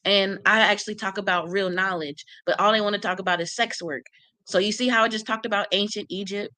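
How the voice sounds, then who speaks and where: A woman's voice: medium pitch, steady tone, brisk, pushed and bright, no echo. Woman w aave talking trash on her livestream, blunt and cussing a lot, dry close sound. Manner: blunt, profane, brash, talks back to commenters. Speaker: channel host reading live comments. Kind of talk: casual livestream chat.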